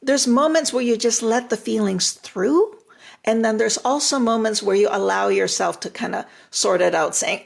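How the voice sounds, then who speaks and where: This older woman's voice sits in the mid-range, with a creaky, breathy edge, and she speaks at a normal speed. A retired relationship therapist, she gives direct, reassuring advice on a live stream, frequently repeating her phrases.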